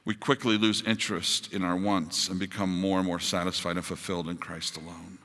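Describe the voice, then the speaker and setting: A man preaching a sermon as pastor, building to emphatic high points and dropping to soft, quiet appeals. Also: little pitch movement, brisk, long reverb tail. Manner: rises to emphatic peaks, drops to soft closing appeals.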